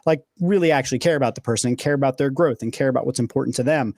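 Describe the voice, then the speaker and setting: A man's voice: medium pitch, racing, darkish tone, no room sound, studio quality. A man hosting a leadership podcast, talking in an enthusiastic, conversational way with plenty of "um" and "like". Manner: enthusiastic, filler-heavy, conversational. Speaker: podcast host. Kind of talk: casual leadership discussion.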